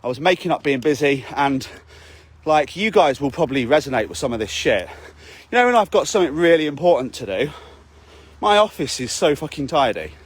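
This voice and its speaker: A man's voice: on the high side, very animated, brisk, slightly rough. A man, a fitness coach, giving a blunt, sweary motivational talk to his camera while out walking, often asking "okay?". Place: outdoors on a walk.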